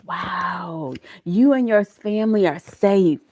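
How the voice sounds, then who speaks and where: A middle-aged woman gives a live tarot reading to her viewers. She talks in a folksy, emotional way and slips into preachy encouragement. Her voice sits at a middle pitch. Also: expressive, measured pace, darkish tone. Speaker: tarot reader.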